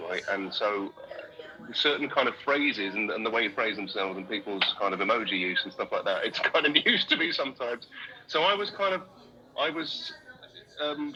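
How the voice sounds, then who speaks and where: A man with a British accent chats casually as an interview guest, poking fun at himself and laughing often. His voice is bright and forward, at an ordinary pitch for a man. The sound has a radio-broadcast feel. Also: lo-fi sound. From Britain. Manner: self-deprecating, laughs often. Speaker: actor guest.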